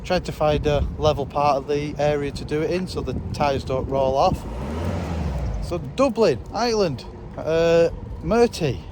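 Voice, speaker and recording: A man's voice: on the high side, a little slow, noisy background. A man casually vlogging outdoors as a monster truck driver, chatty and wryly self-mocking, recorded on a handheld camera. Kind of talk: casual travel vlog. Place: outdoors at a show site and on a ferry.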